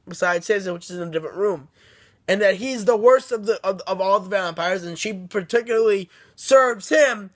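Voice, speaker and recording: A man with a notably high-pitched voice talks through a story recap in loose, casual fashion. He restarts his sentences often and keeps tagging them with a questioning "okay?" to check in with the listener. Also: a bit bright. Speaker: book reviewer.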